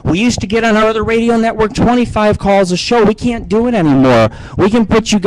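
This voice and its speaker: A man with a high, somewhat fast, darkish voice hosts a live internet radio show from home, talking into a computer mic on a webcam stream. His talk is crude and casual, rambling and profane, full of fillers and restarts. The audio is poor, with a little hiss or hum.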